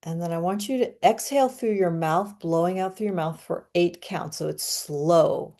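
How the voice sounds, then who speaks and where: A woman giving an astrology reading and guiding a breathing ritual in a calm, soothing, unhurried way. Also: on the low side. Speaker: astrology reader. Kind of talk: guided breathing and astrology talk.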